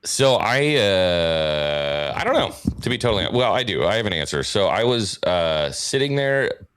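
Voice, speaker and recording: A man's voice: low voice, big pitch swings, normal speed, fairly bright tone, slight background noise. A man chatting as a guest on a livestream, rambling and hunting for words with many fillers. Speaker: guest streamer. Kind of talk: casual livestream chat.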